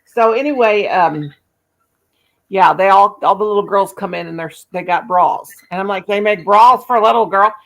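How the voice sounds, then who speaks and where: A woman's voice: medium pitch, moderate pace, creaky, fairly bright tone. A woman, hosting a livestream and telling stories in a chatty, folksy way, full of endearments. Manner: chatty, folksy, uses endearments like baby doll and sugar. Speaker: channel host. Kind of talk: casual storytelling on a livestream.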